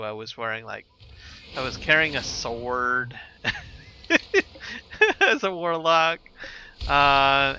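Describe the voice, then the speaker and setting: A man's voice: medium pitch, pushed and bright, slight background noise, low-quality recording. A man streaming a game live, chatting with viewers in a laid-back, rambling way while he plays. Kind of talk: casual live gameplay commentary.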